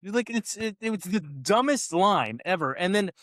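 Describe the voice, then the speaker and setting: High-voiced man ranting about movies. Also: expressive, normal speed, fairly bright tone, no room sound, studio quality. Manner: ranting, exasperated, quotes lines in mocking voices. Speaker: podcast co-host. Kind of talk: casual movie review chat.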